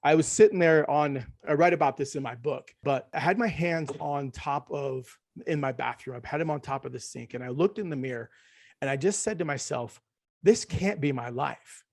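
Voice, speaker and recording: A middle-aged man, a podcast guest, talking in an emphatic, ranting way and dropping to a hushed tone when he quotes himself. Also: a little high, brisk. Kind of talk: animated conversational storytelling.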